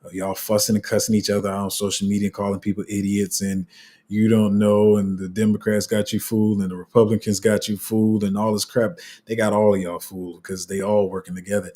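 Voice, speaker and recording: Chatty low-voiced host with a husky edge. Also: male voice, fast, hardly any pauses. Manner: chatty, animated, acts out quotes, trails off and restarts. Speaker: crypto channel host. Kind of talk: casual commentary to viewers.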